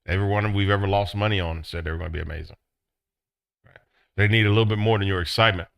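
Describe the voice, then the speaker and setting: A middle-aged man teaching a business class, acting out excited quotes in a high voice. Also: quick pace, vocal fry, clear, resonant tone, no echo. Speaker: business instructor. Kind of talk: classroom lecture.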